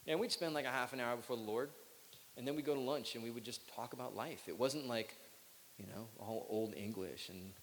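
A man's voice: mid-range voice, animated, moderate pace, a bit bright. A middle-aged man gives a loose, chatty talk in a big room with a long reverb tail behind his words. He jokes at his own expense, slips into short acted-out quotes, and a faint hiss sits under the recording. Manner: chatty, self-joking, acts out quotes. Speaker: youth speaker. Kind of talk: talk to young people.

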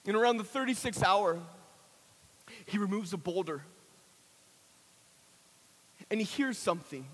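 A man preaching a sermon, telling a dramatic story that builds to shouts and then falls to a hushed prayer. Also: very high voice, expressive, moderate pace, long pauses. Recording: long hall reverb.

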